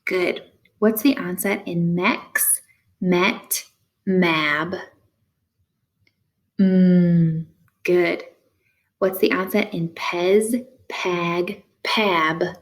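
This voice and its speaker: Slow, encouraging woman teaching phonics. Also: lowish voice. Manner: slow, clear, encouraging prompts with pauses for answers. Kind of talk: phonics lesson for young learners.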